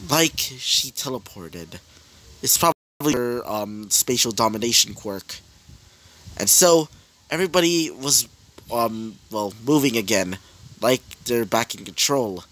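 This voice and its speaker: A man's voice: medium pitch, expressive, slow pace, long pauses, pushed and bright. A man improvising a fan story as narrator, rambling with fillers and self-corrections.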